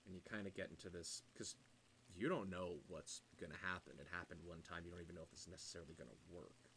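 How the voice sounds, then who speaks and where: A man narrating a tabletop game as game master, setting scenes in a slow, hushed way with fillers. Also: low voice, slight background noise.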